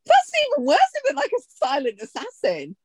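A woman co-hosting a podcast in casual chat, expressive and full of joking complaints, swearing freely. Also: high voice, brisk, no room sound. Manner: expressive, swears freely, jokey exaggerated fear. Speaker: podcast co-host.

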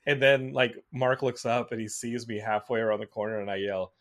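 A man hosting a podcast, chatting casually and telling a rambling, animated story. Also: medium pitch, fairly quick. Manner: rambling, animated storytelling, reads out viewer comments. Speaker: podcast host. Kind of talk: casual chat.

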